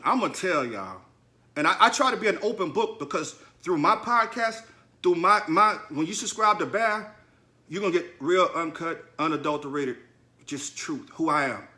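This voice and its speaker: Forceful, blunt man telling his story. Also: mid-range voice. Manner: blunt, confessional, slangy, addresses listeners directly. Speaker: podcast host. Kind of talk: candid personal storytelling monologue.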